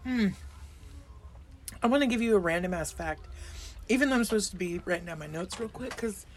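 A woman's voice: mid-range voice, lively intonation, a little fast, slight background noise. Giggly swearing woman podcast host. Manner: rambling, giggly, swears freely. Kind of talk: casual chat.

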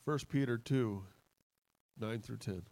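An excitable male pastor preaching with passion, his voice sitting at an ordinary middle pitch. He laughs easily and talks straight to his congregation. The sound is dry and close, with little room echo. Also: slow, vocal fry. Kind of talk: sermon. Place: church.

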